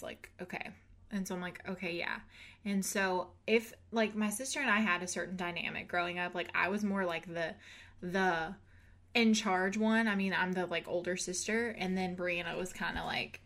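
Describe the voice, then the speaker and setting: Animated young woman telling a story. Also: mid-range voice, measured pace. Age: 20s. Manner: animated storyteller, laughs often, acts out quotes. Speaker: podcast host. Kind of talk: casual chat.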